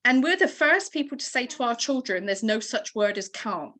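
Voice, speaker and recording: A woman's voice: a little high, lively intonation, moderate pace, sharp tone. A woman in her thirties giving an encouraging, emotional motivational training to her team over a video call.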